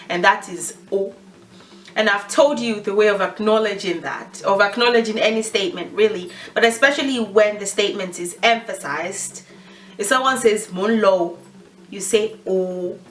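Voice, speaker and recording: A woman's voice: medium pitch, a bit bright, distant mic, poor audio. A woman giving a casual language lesson, chatty and laughing often as she mixes in Yoruba phrases.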